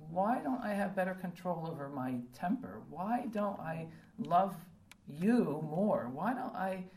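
A low-pitched woman delivering a sermon in a roomy church hall, heard from a distance off the mic. She talks earnestly, stacking rhetorical questions with frequent ums. A faint ambience hangs behind her. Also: darkish tone. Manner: earnest, piles up rhetorical questions with many um fillers. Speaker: preacher.

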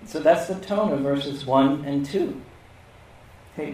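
A man's voice: medium pitch, expressive, unhurried, mellow, a little hiss or hum. Man teaching scripture in an echoey room. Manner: conversational, rhetorical questions, frequent "okay?". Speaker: preacher. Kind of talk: casual Bible teaching. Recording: echoey room, mic at a distance.

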